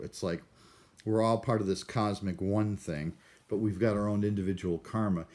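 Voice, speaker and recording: A man's voice: on the low side, normal speed, darkish tone. A man from Cleveland rambling through a self-deprecating, neurotic vlog monologue. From Cleveland, USA. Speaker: vlogger.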